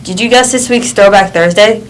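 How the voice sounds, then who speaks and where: A woman reading school morning announcements in a steady way, with small slips. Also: medium pitch, normal speed, a little hiss or hum, poor audio.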